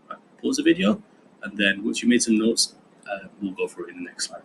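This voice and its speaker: A man's voice: fairly low pitch, very animated, fairly quick, vocal fry, fairly bright tone, a little hiss or hum, rough recording. A man, a drama teacher explaining a lesson in a chatty way with fillers. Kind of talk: recorded online lesson.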